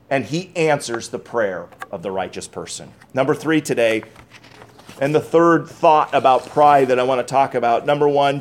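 A man preaching a sermon, emphatic and repeating key phrases, with conversational asides between scripture readings. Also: mid-range voice. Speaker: pastor.

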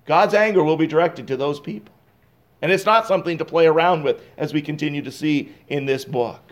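A man preaching an expository sermon as pastor, reading scripture slowly and swinging between loud and soft. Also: on the high side.

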